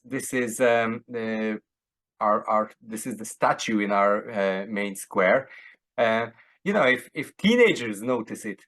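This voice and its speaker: A man's voice: on the low side, fairly bright tone, no room sound. A man teaching an online drama workshop, hesitant, with many fillers and restarts.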